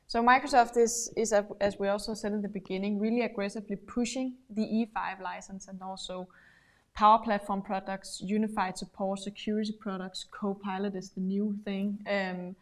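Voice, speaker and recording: A woman's voice: medium pitch, flat delivery, moderate pace. A woman presenting a business webinar over a video call, explaining steadily with frequent fillers. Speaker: webinar co-host.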